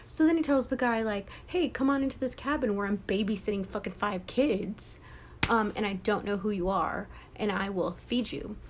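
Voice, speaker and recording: A woman's voice: medium pitch, normal speed, noisy background. A young woman casually retelling a horror novel's plot, slipping into whispers and acting out the characters' lines with lots of swearing. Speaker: book vlogger.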